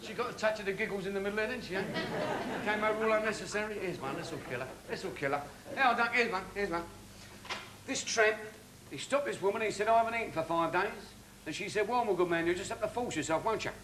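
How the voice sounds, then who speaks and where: A man's voice: high voice, quick pace, heavy background noise, lightly acted. A man doing a cheeky old music-hall comic. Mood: cheeky patter. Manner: cheeky patter, sings snatches of songs. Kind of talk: music-hall comedy impression.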